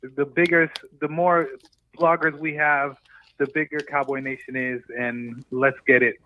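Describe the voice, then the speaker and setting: A man's voice: on the high side, level tone, a little slow, slight background noise. A man from Canada calling in to a podcast, chatting in a friendly, easygoing way. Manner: friendly, peppers his talk with "man". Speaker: caller. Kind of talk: casual chat. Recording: tinny phone line.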